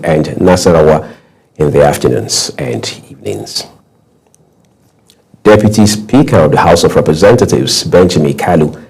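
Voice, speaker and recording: Deep husky male anchor. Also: darkish tone, poor audio. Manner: measured, formal delivery. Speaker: news anchor. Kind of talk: scripted news reading.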